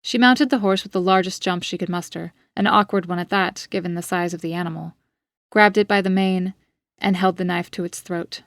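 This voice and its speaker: A woman author reading her own gothic story in an even, measured narration. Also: lowish voice, dry recording, studio quality. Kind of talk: scripted audiobook narration.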